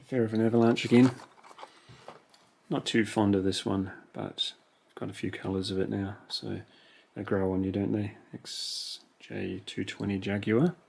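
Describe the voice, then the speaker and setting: A man's voice: on the low side, level tone, moderate pace, creaky, darkish tone, slightly rough. A man chatting casually to himself while unboxing toy cars, musing over each one. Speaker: toy car collector. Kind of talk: relaxed unboxing commentary.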